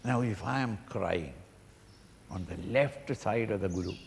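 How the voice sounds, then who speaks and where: An older man giving a slow spiritual discourse, acting out pleading cries and chuckling as he explains a hymn. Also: lowish voice, vocal fry. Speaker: swami teaching a Sanskrit hymn. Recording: reverberant hall, faint noise.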